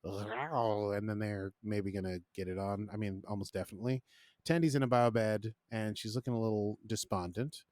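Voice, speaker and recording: A man's voice: fairly low pitch, fairly even intonation, normal speed, darkish tone, no room sound, studio quality. Chatty man recapping an episode. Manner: chatty, jokey, self-deprecating. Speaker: podcast host. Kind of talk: casual podcast recap.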